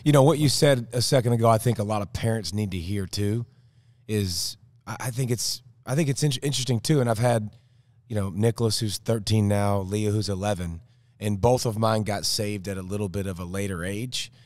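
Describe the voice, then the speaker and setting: A man's voice: lowish voice, brisk, a little mellow, dry recording, clean studio sound. A man co-hosting a podcast, chatting casually and rambling through his thoughts with many restarts. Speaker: podcast co-host. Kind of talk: casual chat.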